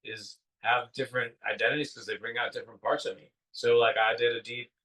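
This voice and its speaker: A man in his fifties co-hosts a casual podcast about spiritual matters, rambling enthusiastically and filling his talk with fillers. His mid-range voice is level, brisk and sharp-toned, and he sits far from the mic.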